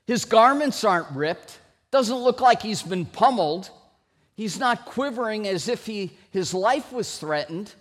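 A middle-aged man preaching a sermon, slow and emphatic, with sudden loud rises for stress. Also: high-pitched. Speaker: pastor. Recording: long hall reverb.

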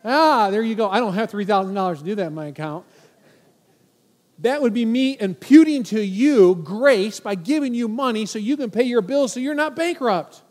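A man in his forties preaching a sermon as pastor, animated and playful, acting out worried voices to make a point. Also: high-pitched, normal speed, long reverb tail. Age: 40s.

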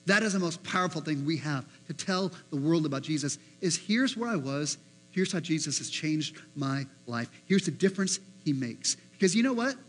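A man preaching a sermon as pastor, animated, acting out the voices he quotes. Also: fairly high pitch, normal speed, rough recording.

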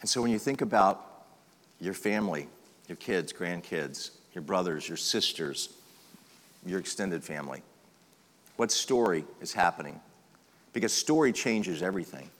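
A fairly low-voiced man preaches a sermon in a church, his voice trailing in a long hall reverb. He talks in a conversational way, sinking to quiet, intimate lines and then pushing up for emphasis. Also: expressive, normal speed, long pauses.

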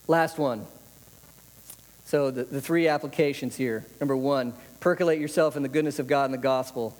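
A man's voice: medium pitch, normal speed, darkish tone, big-room sound, poor audio. A man preaching a conversational sermon, often repeating phrases for emphasis. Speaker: pastor.

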